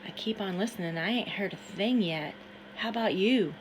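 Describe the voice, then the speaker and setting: A woman voicing an excitable runaway man who hollers and hoots in dialect. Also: medium pitch, moderate pace, background noise, natural voice. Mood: eager hushed. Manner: loud, hollering, dialect speech.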